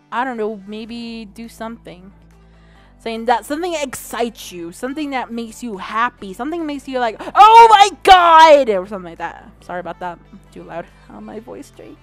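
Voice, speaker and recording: A young woman talks casually to her gaming audience, rambling along with plenty of "um"s and quick self-corrections. Her voice sits at a middling pitch for a woman, and faint music plays underneath. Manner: rambling and chatty, with many fillers and self-corrections; swears casually. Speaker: gaming channel host. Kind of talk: casual vlog chat.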